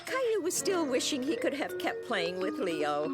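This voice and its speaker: A woman narrating a children's cartoon in a gentle, expressive storybook manner. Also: sits high, normal speed. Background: children's music.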